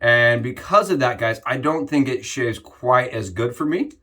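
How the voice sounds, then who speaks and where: Shaving as he talks to the camera, this young vlogger keeps things chatty and casual, addressing his audience as "guys" again and again. He speaks a little slowly in a mid-range voice that sounds pushed and bright.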